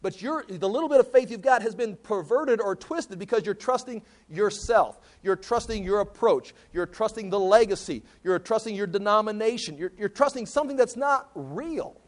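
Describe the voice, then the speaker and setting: A man's voice: high-pitched, animated, moderate pace, hardly any pauses. A male pastor teaching a verse-by-verse sermon, conversational and emphatic, often stopping to correct himself.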